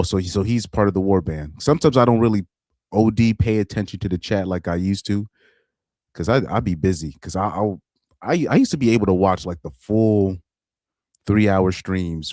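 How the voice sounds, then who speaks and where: A man's voice: low-pitched, darkish tone, no echo, clean studio sound. A man casually commenting on a live stream, rambling and repeating himself. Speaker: live streamer reacting to videos.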